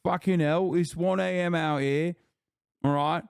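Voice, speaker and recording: A man doing an outraged mock-British chatter, shrill, high and sneering, crisp dry sound. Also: steady tone, a little slow, dry recording. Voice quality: loud, high-pitched, sneering. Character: indignant male British online chatter.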